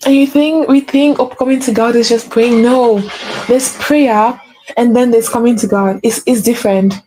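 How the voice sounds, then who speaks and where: A woman with a fairly high, mellow voice talks earnestly to the camera like a faith coach. She often says the same phrase twice for weight. Her tone stays soft and warm, with no edge. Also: steady tone, moderate pace, a little hiss or hum, poor audio. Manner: earnest, repeats phrases for emphasis. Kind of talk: earnest spiritual pep talk to camera.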